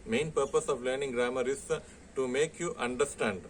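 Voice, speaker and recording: A male college lecturer with an Indian English accent talks his students through a lesson. His delivery is halting, padded with constant "uh" fillers and checks of "okay". His voice sits at an ordinary middle pitch, with a faint hiss behind it. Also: steady tone. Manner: hesitant, heavy "uh" fillers and frequent "okay". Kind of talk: classroom lecture.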